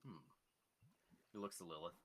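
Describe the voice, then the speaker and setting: A man's voice: low voice, normal speed, fairly bright tone. A man playing in a tabletop game, talking in a laid-back, casual way. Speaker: player.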